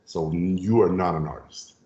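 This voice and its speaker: A man with a low voice tells stories as a podcast guest, lively and animated, slipping into the voices of the people he describes. The sound is roomy and dull, like a lo-fi recording. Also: moderate pace. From Mexico. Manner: lively storyteller who acts out voices. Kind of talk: animated anecdotal storytelling.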